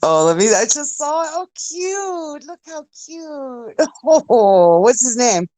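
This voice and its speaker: Rambling, lively-voiced woman from Germany. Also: high voice, slow pace, no echo. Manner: chatty, rambling, full of likes and you knows. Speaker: voice chat participant. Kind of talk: casual group voice chat. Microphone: online voice chat mic.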